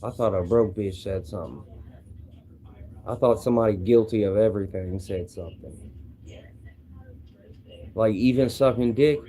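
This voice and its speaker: A man's voice: lowish voice, moderate pace, pauses often, warm tone. Brash, profane Kentucky streamer guy. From Louisville, Kentucky. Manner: brash, profane trash talk. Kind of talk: livestream chat answering viewers' comments.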